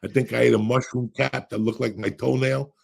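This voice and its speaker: Older guy, super gravelly raspy voice, cussing his way through long podcast stories. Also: medium pitch, steady tone, a little fast. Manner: profane, rambling storyteller with bursts of laughter. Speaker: podcast co-host. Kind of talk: casual storytelling chat.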